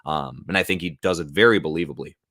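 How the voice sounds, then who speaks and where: A man's voice: rumbling low, fast, a bit bright, no echo, clean studio sound. An American man hosting a casual live stream, rambling loosely with lots of fillers. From United States. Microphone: new studio mic.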